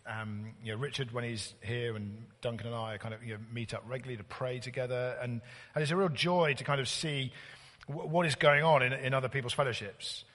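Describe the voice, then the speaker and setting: A man preaching a sermon as a visiting preacher, conversational and halting, full of fillers and restarts. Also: medium pitch, a bit bright, big-room sound.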